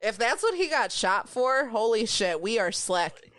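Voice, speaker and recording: A woman co-hosting a podcast in casual chat, telling rambling, animated stories. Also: a little high, a little slow, dry recording. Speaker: podcast co-host.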